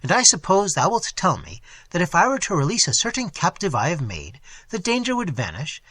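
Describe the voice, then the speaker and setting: A man's voice: sits high, wildly swooping pitch, fairly quick, pushed and bright, dry recording, pitched above the performer's own voice, heavily acted. A man voicing a proud, scornful prince who speaks in an imperious, archaic way.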